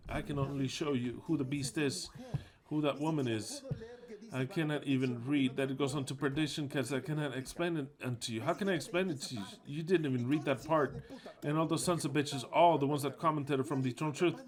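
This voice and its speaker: A man preaching an angry rant, his fairly high voice swinging between low, muttered asides and loud outbursts. He mocks his listeners and swears freely as he lectures them.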